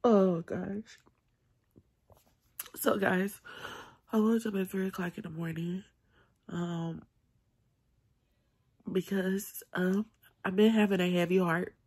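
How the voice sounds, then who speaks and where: A woman recording a late-night vlog on her phone, crying and halting, with sighs and long pauses. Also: mid-range voice, darkish tone, slightly rough. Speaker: vlogger. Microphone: phone held in hand.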